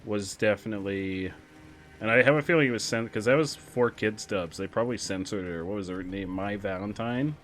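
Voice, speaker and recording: A young adult man streaming a game, chatting casually with sudden excited outbursts. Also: lowish voice, fairly quick, faint music behind. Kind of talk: casual gameplay commentary.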